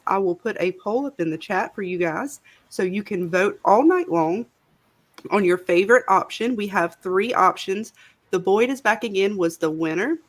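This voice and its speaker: Southern lady hosting a stream, chatty, calls folks hun, mid pitch. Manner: chatty, greets viewers warmly by name. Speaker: livestream co-host. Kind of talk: casual livestream chat.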